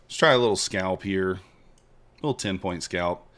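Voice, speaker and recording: Man, slightly low voice, casual live-stream trader, bantering with chat, joking and hyping. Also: normal speed, a bit bright.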